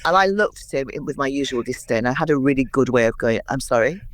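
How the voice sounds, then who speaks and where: A woman in her sixties, a guest in an interview, telling anecdotes in a lively way and acting out what others said. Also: rumbling low, quick pace, no room sound. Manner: lively anecdotal storyteller, acts out quotes. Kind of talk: interview storytelling.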